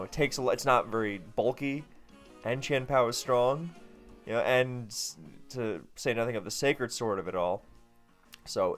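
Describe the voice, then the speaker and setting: Guy rambling thru game commentary, chatty and jokey, faint music behind. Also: medium pitch. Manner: chatty, self-deprecating, full of asides.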